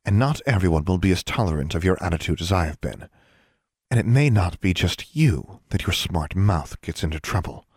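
A man voicing a stern, icy older female witch inquisitor, calm and clipped, in a dry, close recording. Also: low voice, moderate pace, breathy edge, no echo. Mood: warning. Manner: cold, clipped, calmly threatening. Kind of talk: audiobook character reading.

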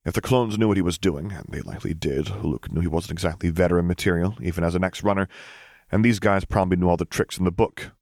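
Deep-voiced man reading a story. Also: fast talker, a little mellow, dry recording, studio quality. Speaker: audiobook reader. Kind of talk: scripted fan fiction narration.

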